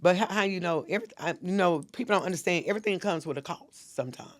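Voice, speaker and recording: A woman's voice: lowish voice, quick pace. Earnest middle-aged woman storyteller. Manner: earnest, intense, acts out what people said. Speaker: podcast guest, minister. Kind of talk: emotional personal storytelling.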